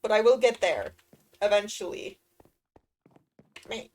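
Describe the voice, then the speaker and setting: A woman's voice: mid-range voice, takes it slowly, a little mellow, far from the mic. A woman streamer talking to herself during a game, swearing often and easily exasperated. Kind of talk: casual gameplay commentary.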